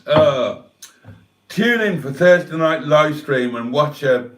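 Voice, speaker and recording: A man's voice: fairly high pitch, animated, takes it slowly, a bit bright. An older man, hosting a casual livestream and rambling emotionally, swearing freely. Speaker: livestream host. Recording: echoey room.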